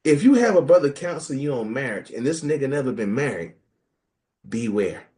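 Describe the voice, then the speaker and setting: Speaking at a normal speed in a mid-range voice, this male podcast co-host talks about scripture in a loose group conversation. He's lively and jokey, doing impressions when he quotes others.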